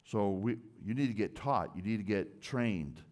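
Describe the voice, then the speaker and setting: A man's voice: lowish voice, expressive, normal speed, a little mellow. A man preaching a sermon in an earnest, emphatic way, often repeating and restarting words. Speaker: pastor.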